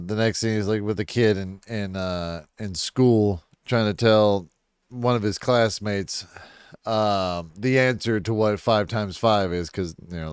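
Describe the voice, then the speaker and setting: A man's voice: sits low, clear, resonant tone, dry recording, studio quality. A man casually reacting live to a movie he is watching, rambling, swearing and acting out lines in silly raised voices.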